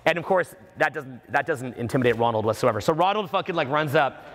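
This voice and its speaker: A man, a dating coach, telling stories to a live seminar audience, profane and animated. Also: mid-range voice, quick pace. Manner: profane, animated, acts out the people in his stories. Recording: long reverb of a seminar hall.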